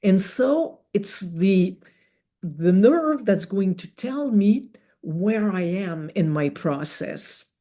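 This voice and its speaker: A woman giving an educational webinar talk, explaining step by step in a measured way. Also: medium pitch, lively intonation, mellow. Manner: slow, measured explaining with rhetorical examples. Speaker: webinar speaker.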